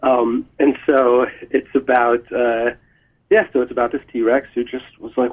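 A man as a guest musician in a phone interview, talking in a relaxed, thoughtful way with many fillers. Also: medium pitch, measured pace. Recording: tinny phone line.

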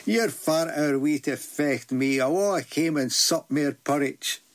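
A man's voice: fairly high pitch, takes it slowly. A Scottish man voicing a huge, scornful giant who mocks his foe in a folk tale. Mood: mocking. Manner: mocking.

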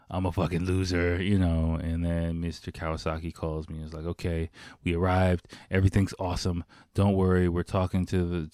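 A man's voice: sits low, a little mellow, no room sound, clean studio sound. A young man casually telling a story, rambling, swearing freely and leaning on fillers.

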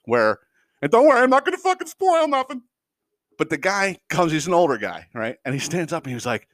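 A man's voice: on the high side, very animated, fairly quick, fairly bright tone, no echo, studio quality. A man hosting a podcast, ranting casually and heatedly, swearing constantly and stammering when worked up. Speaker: podcast host. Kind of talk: casual profane rant.

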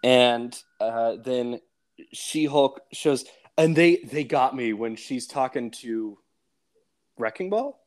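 A man's voice: medium pitch, slow pace. An enthusiastic man co-hosting a casual podcast, with an ordinary mid-range voice. He laughs a lot and retells scenes in loose conversation. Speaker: podcast co-host.

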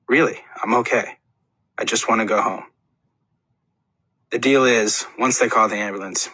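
A man's voice: fairly low pitch, sharp tone, husky, no room sound, rough recording. A man reading a first-person audiobook in an earnest, plain storytelling manner. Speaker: audiobook narrator.

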